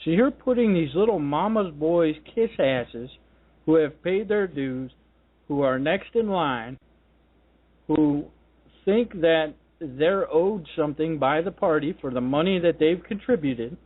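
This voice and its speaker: A man's voice: a little high, lively intonation, a little slow. Combative man ranting on talk radio. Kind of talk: political talk radio monologue. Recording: tinny phone-line sound.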